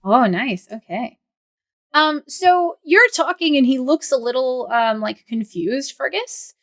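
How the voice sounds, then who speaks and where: A woman's voice: high voice, animated, measured pace, a bit bright. A woman running a tabletop game as game master, narrating casually with frequent fillers.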